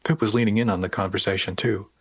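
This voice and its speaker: A man's voice: on the low side, fairly even intonation, fast talker, breathy edge. A man narrating a story in the first person with dry, wry storytelling. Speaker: audiobook narrator. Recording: dry close recording.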